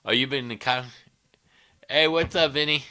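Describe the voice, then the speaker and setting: A man's voice: mid-range voice, normal speed, sharp tone. A man hosting a guitar livestream, chatting casually and rambling through stories with frequent chuckles.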